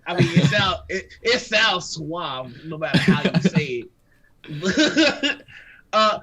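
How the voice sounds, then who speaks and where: A man's voice: high voice, big pitch swings, takes it slowly, sharp tone, rough recording. A man co-hosting a live stream in casual chat, hungover, swearing freely and laughing a lot. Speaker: stream co-host.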